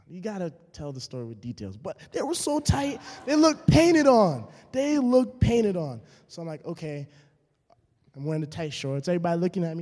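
A young man, a student, telling a true comic story on stage into a handheld mic, animated and repeating phrases for laughs. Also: high-pitched. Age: young adult. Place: auditorium stage. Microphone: handheld microphone. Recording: long hall reverb.

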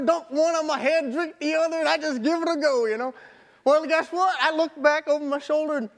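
A young man, a marathon runner, telling a personal story in an animated, folksy way with casual grammar. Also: very high voice, brisk. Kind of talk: storytelling talk.

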